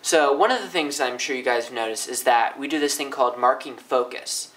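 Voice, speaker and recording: A young man teaching linguistics in a casual, upbeat way, often swinging his pitch up and down to demonstrate. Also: fairly quick, fairly bright tone, poor audio. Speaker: language teacher. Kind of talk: casual educational explainer.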